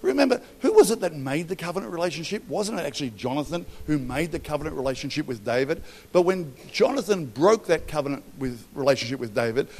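A middle-aged Australian man preaches in a lively, storytelling way, slipping into acted quotes and humour. His voice sits a little high for a man. The sound carries a long reverb from a big hall. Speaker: pastor. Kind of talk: sermon.

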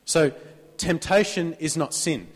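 A man's voice: a little high, a little slow, breathy edge, in a large hall. A man with an Australian accent preaching a sermon in a church, talking conversationally, prompting the congregation to answer amen, with a sore throat. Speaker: pastor.

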